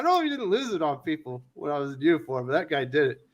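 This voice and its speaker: Animated high-voiced man telling a story. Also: fast talker. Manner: animated storyteller, swears, acts out quotes loudly. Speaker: host of a comics news livestream. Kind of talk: casual panel chat and storytelling.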